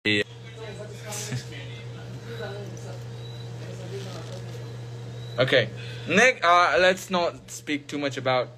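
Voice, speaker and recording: A man's voice: fairly low pitch, bright, forceful tone, slight background noise, low-quality recording. A man from Mizoram, a singer, chatting casually and playfully as he tries out bits of many languages. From Mizoram, India. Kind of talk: casual chat answering questions.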